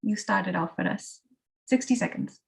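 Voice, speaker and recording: A woman's voice: mid-range voice, moderate pace, vocal fry. A woman, a keynote speaker leading a group activity in an encouraging, chatty way. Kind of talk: online club session hosting.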